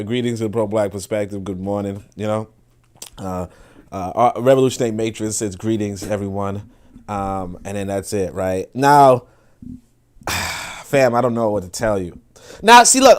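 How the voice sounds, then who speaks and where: A man hosting a casual commentary livestream, profane and laughing often, swinging between loud outbursts and low mutters while talking to his chat. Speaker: livestream host reacting to a video.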